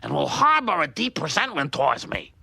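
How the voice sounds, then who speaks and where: An actor playing an eccentric male scientist in a cartoon who pitches an odd scheme in a nasal, excitable voice. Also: brisk, gravelly, husky, dry recording, full character voice. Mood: scheming.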